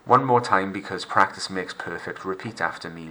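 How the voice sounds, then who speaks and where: Male teacher, deep bright voice, narrating a recorded French lesson with careful, slow pronunciation. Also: slight background noise. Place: home recording for lockdown learning.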